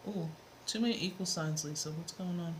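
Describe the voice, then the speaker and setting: A woman's voice: lowish voice, a little fast, a little hiss or hum. A woman teaching math on a live stream, greeting viewers by name and explaining steps with playful asides. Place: home room with a fan running.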